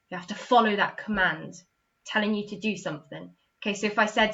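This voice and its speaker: English woman primary teacher, bright and encouraging, lo-fi home lesson recording. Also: mid-range voice, fast. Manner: clear, encouraging, acts out example sentences with expression. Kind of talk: recorded online lesson for young children.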